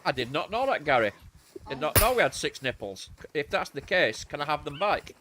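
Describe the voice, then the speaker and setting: A man's voice: on the high side, big pitch swings, fairly quick, background noise. A man, streaming a game and rambling crudely in casual chat.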